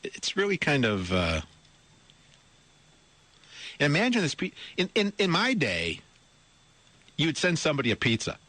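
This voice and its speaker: Pitched on the high side with huge swings, a middle-aged radio host reads and reacts to a news story at normal speed, pausing often. His delivery is pushed and bright, with no room sound on the studio mic. Amused and incredulous, he bursts into laughter, repeats words, and asks listeners rhetorical questions.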